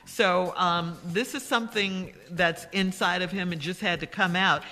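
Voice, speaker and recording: Bright-voiced woman giving blunt advice. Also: fairly low pitch, in a large hall, faint music behind. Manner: frank and scolding, with drawn-out emphasis. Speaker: radio co-host answering listener letters. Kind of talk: advice talk on morning radio. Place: radio studio. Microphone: studio microphone.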